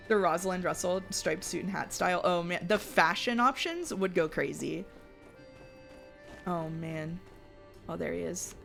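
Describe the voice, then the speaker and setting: A woman's voice: fairly low pitch, vocal fry. A woman streaming a life-sim game, chatting casually, reading chat messages aloud and often trailing off and restarting her sentences. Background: faint game music.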